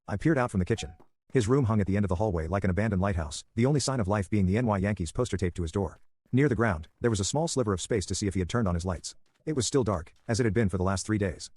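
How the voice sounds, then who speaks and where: Male horror story narrator, fast matter-of-fact read, lowish voice, dry close recording. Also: a little mellow, slightly rough, no room sound. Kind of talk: scripted narration.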